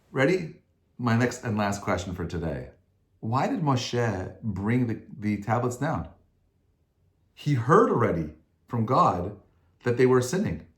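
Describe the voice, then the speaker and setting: A male rabbi giving an informal Torah class, chatty and conversational, rising now and then to emphatic, forceful peaks. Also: mid-range voice, sing-song, unhurried, pauses often, reverberant.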